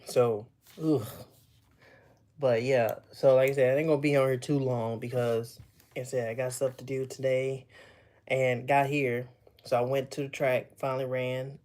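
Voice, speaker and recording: A man's voice: medium pitch, level tone, normal speed, a little mellow. A young man talks to his livestream viewers while still out of breath from a run. He rambles along in a tired, easygoing way, with a mid-range voice and short gasps between phrases. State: out of breath after running. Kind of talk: casual livestream chat.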